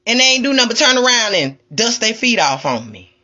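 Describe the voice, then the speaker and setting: Woman, spiritual streamer, sassy and preachy, lively swooping delivery. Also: fairly high pitch, brisk, dull audio. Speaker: spiritual livestreamer. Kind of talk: ranting livestream monologue.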